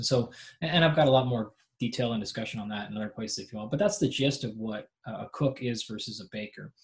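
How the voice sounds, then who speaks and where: Male coach guest, animated conversational explainer, lots of fillers, mid pitch. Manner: animated explainer, acts out athletes' voices; frequent filler "like" and restarts. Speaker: performance coach, podcast guest. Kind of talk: casual interview conversation.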